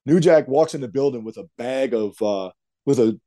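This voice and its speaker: A middle-aged man spins long, rambling stories in an interview. His voice is warm and mellow, and his manner is casual and animated, with plenty of "man" and "dude" along the way. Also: medium pitch, moderate pace, no room sound. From Louisiana. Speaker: retired wrestler, guest. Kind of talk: interview storytelling.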